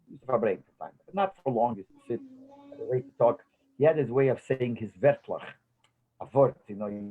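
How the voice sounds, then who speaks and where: A man's voice: mid-range voice, breathy edge. An older man telling stories from memory in a rambling way, slipping Yiddish phrases into his English. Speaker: interviewee recalling memories. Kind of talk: casual storytelling interview. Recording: tinny phone-like audio.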